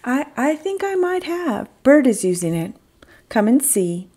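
A woman's voice: high voice, sing-song, unhurried, warm tone, voice pushed up, heavily acted. Woman doing a hesitant storybook monkey. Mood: helpful.

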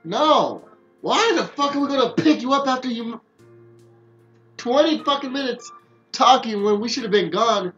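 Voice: mid-range voice, animated, normal speed, long pauses, fairly bright tone, muffled recording, faint music behind. A second player commenting on a game, with swearing and mock-dramatic reactions.

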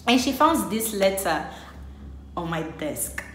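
A woman's voice: mid-range voice, sing-song, slow, a bit bright, slight background noise. A young woman telling a personal story on her vlog, chatty and full of filler words. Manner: chatty, heavy use of filler "like". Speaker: vlogger. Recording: echoey room.

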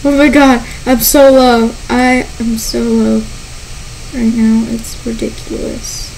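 A woman giving gameplay commentary as a channel host, excitable and panicky, often squealing and laughing. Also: a little high, takes it slowly, creaky, slight background noise, poor audio.

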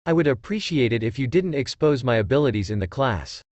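A man reading aloud and voicing a shy, sweet young girl ninja who speaks gently and politely. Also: mid-range voice, sing-song, a little fast, no echo. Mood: gentle.

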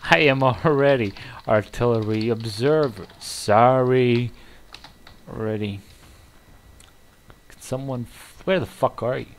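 Slow, cursing gamer man muttering commentary. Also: medium pitch, a little hiss or hum. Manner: profane, muttering, excitable outbursts. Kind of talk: live gameplay commentary.

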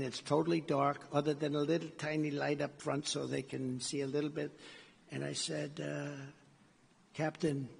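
Speaking in a big reverberant hall, this older man from the United States rambles through a gala anecdote, circling back to the same points and performing lines of dialogue. He has a somewhat high, gravelly, slightly mellow voice, with a bit of background noise.

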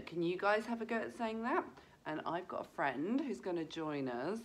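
A woman leading a children's breathing lesson, talking gently and encouragingly straight to the kids. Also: fairly low pitch, lively intonation, moderate pace, few pauses.

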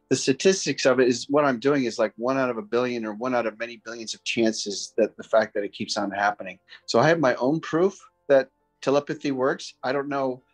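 A man sharing a personal story on a group video call, earnest and a little hesitant, with pauses and fillers. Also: mid-range voice. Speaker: participant sharing a topic.

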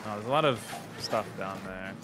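A man's voice: fairly low pitch, fairly quick, over music. A young man chatting while gaming, teasing his friend and giving tips. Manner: teasing, coaching, exclaims loudly. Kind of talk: casual gaming chat.

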